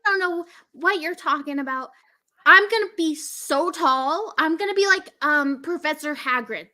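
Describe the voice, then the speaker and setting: A woman's voice: high-pitched, normal speed, sharp tone. A woman playing a tabletop role-playing game, talking in a bubbly, rambling way full of fillers. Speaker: player.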